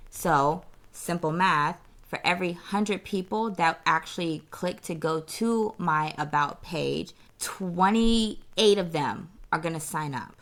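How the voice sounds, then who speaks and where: A young adult woman business coach giving a casual, sassy pitch straight to the viewer, calling them honey and checking in with okay. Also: a bit bright.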